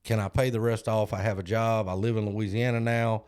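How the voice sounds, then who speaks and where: A man with a fairly low voice co-hosts a podcast. He tells his stories in a loose, casual way, pokes fun at himself, and slips into the voices of the people he quotes. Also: flat delivery, fairly quick, a little mellow, clean tone. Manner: self-deprecating, acts out other people's lines. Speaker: podcast co-host. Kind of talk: casual storytelling.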